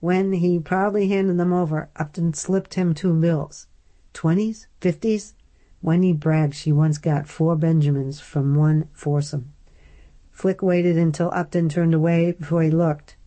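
Audiobook narrator: a woman, low and mellow, steady, even delivery. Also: measured pace.

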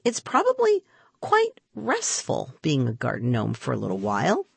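A woman's voice: extremely low pitch, huge pitch swings, creaky, slightly rough, no room sound, pitched below the performer's own voice, heavily acted. A woman reading a children's storybook aloud and voicing a bossy, clever young girl who knows magic. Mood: breezy. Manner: bossy, quick to scold.

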